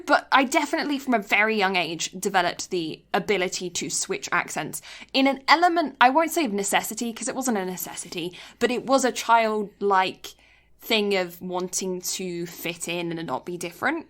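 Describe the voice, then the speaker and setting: A woman's voice: mid-range voice, animated, normal speed, fairly bright tone. A woman from England with an English accent tinged with Canadian, chatting casually as a podcast co-host and rambling with many asides. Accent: English, mixed with Canadian.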